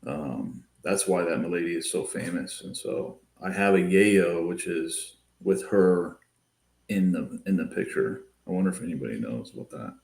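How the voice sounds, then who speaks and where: A man calling in as a guest to a livestream, talking in a relaxed, hesitant way with many fillers. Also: deep voice, moderate pace, gravelly, echoey room. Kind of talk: casual livestream chat. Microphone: remote call.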